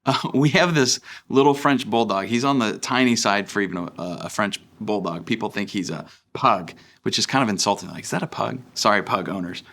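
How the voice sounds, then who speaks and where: A man's voice: on the low side, moderate pace, few pauses, fairly bright tone. A young man giving a sermon as a pastor, earnest and conversational, with frequent fillers and restarts. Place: church.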